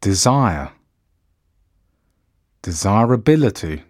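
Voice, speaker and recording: Slow, deliberate male pronunciation narrator. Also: dry recording, studio quality. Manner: reads each word slowly and clearly, with lively pitch. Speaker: language course audio narrator.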